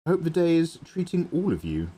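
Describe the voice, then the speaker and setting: A man's voice: a little high, very animated, brisk, dark tone, husky. A British man chatting playfully and joking with viewers during a drawing livestream. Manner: playful, jokey, thanks viewers by name. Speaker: art livestreamer. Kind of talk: casual livestream chat while drawing.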